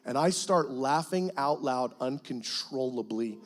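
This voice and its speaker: A male guest pastor telling his testimony in an animated, storytelling sermon, acting out his past self and joking with the congregation. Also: medium pitch, unhurried.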